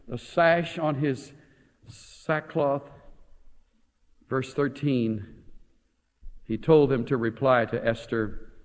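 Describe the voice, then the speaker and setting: A man preaching a sermon, moving from hushed lines to emphatic, dramatic ones. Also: mid-range voice. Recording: long hall reverb.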